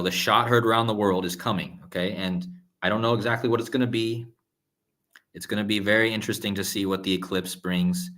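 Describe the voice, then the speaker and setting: On a live stream with his screen shared, a numerology host speaks in a lowish male voice with a fairly bright tone. He's insistent toward viewers, says "guys" and "okay?" over and over, and stops and restarts his sentences often.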